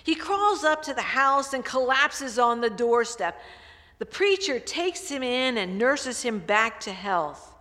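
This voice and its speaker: A woman pastor preaching a sermon, telling stories and building louder for emphasis. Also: fairly high pitch, animated, slow pace, in a large hall. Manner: storytelling, swelling louder for emphasis.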